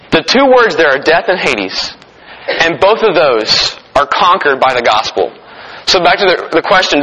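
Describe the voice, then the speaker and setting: A man delivers a sermon in a relaxed, conversational manner, trading jokes with the people in front of him. His voice sits high and bright with a husky edge. A long reverb trails his words through the hall. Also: lo-fi sound. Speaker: preacher.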